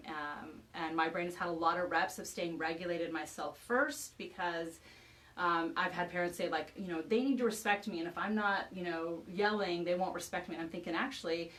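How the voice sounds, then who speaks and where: A woman parenting expert explaining ideas through a lively personal anecdote in casual conversation. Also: lowish voice, distant mic, rough recording. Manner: animated storyteller, acts out quoted dialogue. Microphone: video call.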